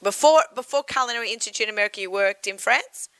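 A woman hosting an interview, firing quick, excitable follow-up questions. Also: mid-range voice, smooth, no echo, low-quality recording. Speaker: interviewer host. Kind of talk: casual interview.

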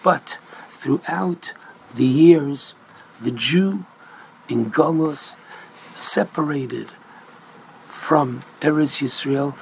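A man giving a Torah lecture as a rabbi, speaking deliberately and with emphasis, mixing in Hebrew terms. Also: on the high side, vocal fry, a little hiss or hum, rough recording.

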